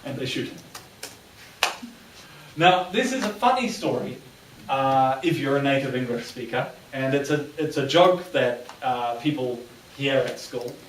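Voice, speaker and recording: A man from New Zealand lecturing an audience and telling jokes in an animated way, acting out the characters' lines. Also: medium pitch, normal speed. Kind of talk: storytelling in a lecture. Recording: echoey room, distant mic, faint hiss.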